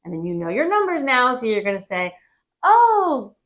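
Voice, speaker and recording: A woman giving a casual travel-phrase lesson, friendly and repeating phrases slowly for learners. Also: mid-range voice, very animated, sharp tone, lo-fi sound. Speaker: Spanish teacher.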